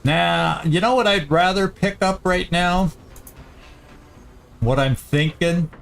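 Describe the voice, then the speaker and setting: A man hosting a let's play, giving casual gameplay commentary as he thinks aloud, often halting and restarting. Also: high-pitched, gravelly, fairly bright tone, soft background music.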